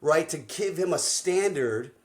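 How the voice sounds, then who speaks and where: A man who works as a life coach and hosts a podcast. He tells stories in an energetic, slangy way and acts out the dialogue he quotes. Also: fairly high pitch, measured pace. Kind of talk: animated storytelling conversation.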